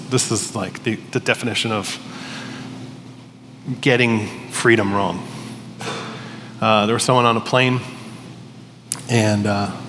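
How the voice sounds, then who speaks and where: A man preaching a sermon in a conversational, storytelling way, with frequent restarts. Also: on the low side. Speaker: pastor. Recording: long hall reverb, faint noise.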